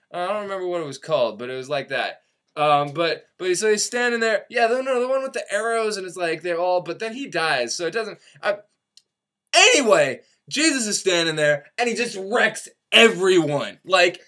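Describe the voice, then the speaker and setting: A man's voice: sits high, bright, forceful tone. A young man telling a classic poem as a rambling, profane, casual comic retelling. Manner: rambling and profane, full of 'like'. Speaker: comedic storyteller.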